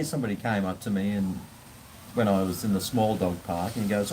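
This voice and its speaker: A man telling a casual, rambling story, with frequent pauses and casual swearing. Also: lowish voice, darkish tone, a little hiss or hum, low-quality recording. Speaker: vlogger.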